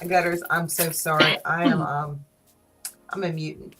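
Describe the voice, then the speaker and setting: A woman with a Southern US accent hosting a casual live stream, playful and teasing, quick to laugh. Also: lowish voice, steady tone, background noise. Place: small studio.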